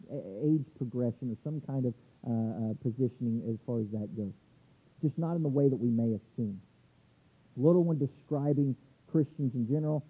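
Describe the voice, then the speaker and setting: A male pastor preaches a sermon, reading scripture verses aloud and stumbling over restarts as he explains them. His voice is medium in pitch with a breathy edge, and the recording has a tinny, phone-like sound.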